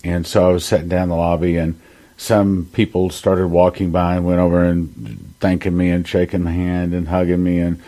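A man hosting a ministry broadcast, telling stories of healings in a chatty, lively way. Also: low voice, moderate pace. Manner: animated storyteller who acts out quoted people. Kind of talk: conversational broadcast testimony sharing.

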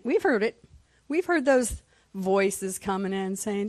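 A woman's voice: medium pitch, expressive, moderate pace, darkish tone, no room sound. Conversational woman teaching Sunday school. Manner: conversational, asks the class questions, frequent "right?"; clears throat often.

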